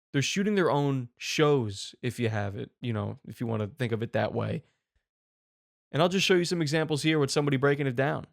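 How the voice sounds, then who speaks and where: A man hosting a commentary show, talking casually in an animated, sarcastic way and often repeating himself. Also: mid-range voice, creaky, no room sound, clean studio sound. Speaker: host.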